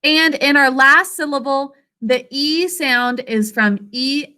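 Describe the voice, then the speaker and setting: Over a video call, a woman with a high-pitched, sharp voice teaches children a spelling lesson. She sounds out each syllable slowly and deliberately.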